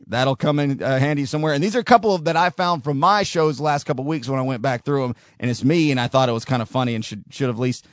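Sardonic talk show host, dry sound. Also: male voice, mid-range voice, quick pace, few pauses, no echo. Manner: casual, sardonic, rambling with fillers. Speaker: podcast host and producer. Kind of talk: solo talk show monologue.

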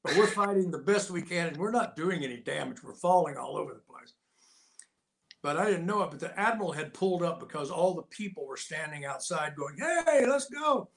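A man in his sixties, an interview guest telling animated, folksy anecdotes in a casual way. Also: on the high side, fairly quick, vocal fry. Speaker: interview guest, actor and Navy veteran.

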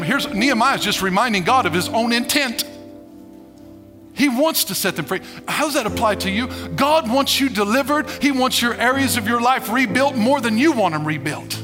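A male pastor preaching a sermon to a congregation, emphatic and animated, laughing as he goes. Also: extremely high pitch, moderate pace, over music.

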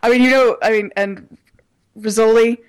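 A woman co-hosting a comedy podcast, tossing in teasing deadpan quips during casual chat. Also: a little high, moderate pace, clean tone, no echo. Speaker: podcast co-host.

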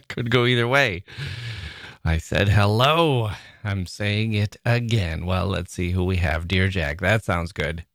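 Chatty male podcast host, low voice. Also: vocal fry, dry recording, clean studio sound. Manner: chatty and playful, often laughing; emotional, excitable. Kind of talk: reading listener mail aloud, casual monologue.

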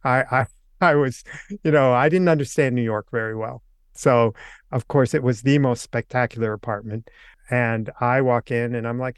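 An older man, a podcast guest, telling an anecdote in a casual, lively way and acting out the quoted lines. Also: medium pitch, moderate pace, clear, resonant tone, no echo, studio quality. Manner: animated anecdote teller, acts out quotes. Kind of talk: casual storytelling.

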